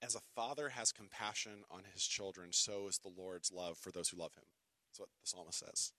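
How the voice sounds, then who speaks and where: A man preaching a sermon, with wry conversational asides, who reads scripture dramatically, swinging from loud declaiming to hushed whispers. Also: low-pitched, steady tone, moderate pace, dry recording. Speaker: pastor.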